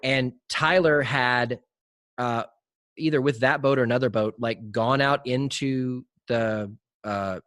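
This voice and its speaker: Young guy podcast host, mid voice, dry sound, retells scenes in quick excited bursts. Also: medium pitch, no echo. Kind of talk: casual conversational movie discussion.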